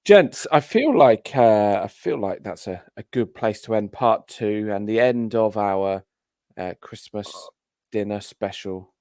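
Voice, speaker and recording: A man with a sore throat, hosting a podcast in a relaxed, rambling chat. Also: lowish voice, measured pace, clean tone, no echo. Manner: rambling, relaxed, filler-heavy. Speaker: podcast host. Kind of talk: casual chat.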